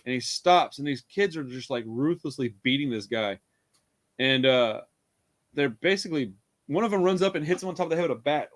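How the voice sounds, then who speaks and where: A man's voice: medium pitch, animated, brisk. A man chatting casually about a horror movie, hyper and tired, swearing often, laughing a lot and acting out scenes. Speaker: podcast co-host. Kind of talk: casual movie review chat.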